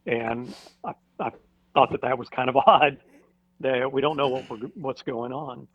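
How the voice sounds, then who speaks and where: A firefighter, a guest on a podcast, telling a personal story in a casual interview, halting with many fillers and restarts. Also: male voice, medium pitch, slightly rough. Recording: dull dry recording.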